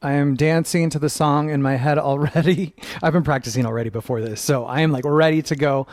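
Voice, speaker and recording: Male dance instructor, slightly high, dry sound, upbeat, talks while dancing at home. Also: steady tone, fairly quick, a little mellow, no room sound, soft background music. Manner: upbeat, counts steps aloud and scats rhythms. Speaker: dance teacher.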